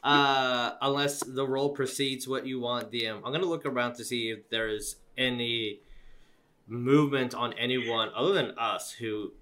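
A man's voice: mid-range voice, fairly even intonation, moderate pace, sharp tone. A man playing a tabletop game, talking casually in a rambling, self-correcting way. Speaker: player.

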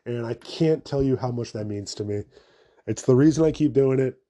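A man's voice: mid-range voice, normal speed, dark tone. A young man hosting his own podcast in a loose, rambling monologue, swearing freely and making fun of himself as he goes. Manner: rambling and profane, self-mocking asides. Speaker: podcast host. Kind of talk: casual solo podcast monologue.

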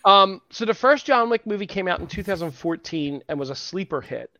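A man's voice: high voice, animated, moderate pace, pushed and bright, no echo. A man co-hosting a casual geek news podcast, reading out rankings and joking with his co-host. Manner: jokey, reads out rankings and news items. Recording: dull lo-fi sound.

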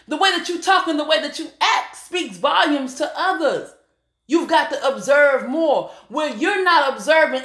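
A woman's voice: sits high, fairly bright tone. A middle-aged woman giving a preachy motivational talk, calling out to listeners as y'all and honey. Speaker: motivational speaker.

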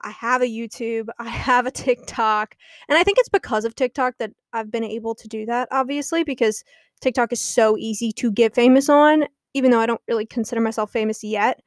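Young woman, podcast host, casual gossipy chat, fairly high voice, dry recording. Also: fairly quick, no echo. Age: young adult. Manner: chatty and gossipy, laughing often.

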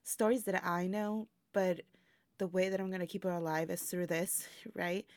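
A woman speaks with a gravelly, slightly fried texture, reflecting in a relaxed interview and breaking into laughs between thoughts. The sound is dry and close, with no room around it. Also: lowish voice, normal speed, dry recording. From immigrant to the United States. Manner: reflective, laughs often, many fillers. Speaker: burlesque performer, guest. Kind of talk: casual interview chat.

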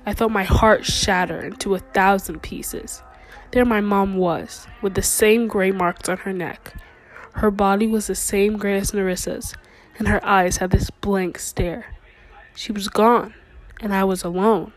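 A young woman reading her own first-person short story aloud with a quiet, slowed, dramatic delivery. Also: mid-range voice, fairly even intonation, faint music behind, poor audio.

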